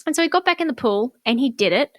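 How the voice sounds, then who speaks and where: A woman's voice: high voice, expressive, fast, a bit bright, dry recording, clean studio sound. A middle-aged woman co-hosting a podcast, candidly telling a personal story in casual chat. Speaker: podcast co-host.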